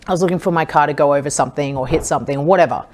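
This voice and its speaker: Earnest Australian woman, low voice. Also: very fast, darkish tone, a little hiss or hum. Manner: earnest, reflective, recounting hard times. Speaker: guest. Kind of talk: candid personal storytelling.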